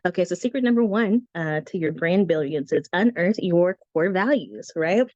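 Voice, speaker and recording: A woman with a squeaky voice, teaching branding in a casual, chatty way with breezy asides, heard over a video call. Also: expressive, normal speed, a little mellow, dry recording. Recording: dry, dull lo-fi call audio.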